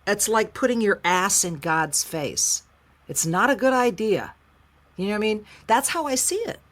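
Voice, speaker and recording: A middle-aged woman from the United States, a singer-songwriter telling her story as an interview guest in a frank, emotional, animated way. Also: mid-range voice, moderate pace. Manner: frank, emotional, animated retelling with quoted voices. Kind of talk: candid conversational storytelling.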